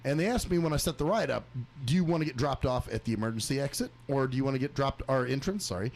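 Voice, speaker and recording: Gravelly radio host guy, swears a lot, voice jumps all over while he rants. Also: mid-range voice, fast talker. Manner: crude, animated, laughs often, acts out other callers' voices. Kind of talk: profane ranting storytelling.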